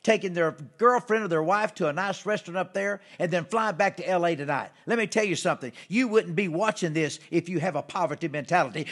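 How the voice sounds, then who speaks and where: A man preaching success to a live audience in a fired-up, emphatic style, repeating his points and rising to loud exhortations. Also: high voice. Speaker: motivational speaker hosting a live broadcast. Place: theater or studio.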